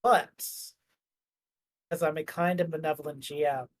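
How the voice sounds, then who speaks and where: A man's voice: a little high, fairly even intonation, moderate pace. A man running a tabletop game as game master, describing the scene in a loose, rambling way full of "like" and "uh". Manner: rambling, filler-heavy, jokey.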